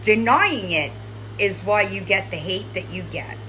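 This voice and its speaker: A woman's voice: mid-range voice, lively intonation, measured pace, bright, forceful tone, a little hiss or hum, low-quality recording. A woman host lecturing and scolding someone directly, swearing and tagging her points with "right?". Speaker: commentary channel host. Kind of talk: confrontational commentary addressing a streamer.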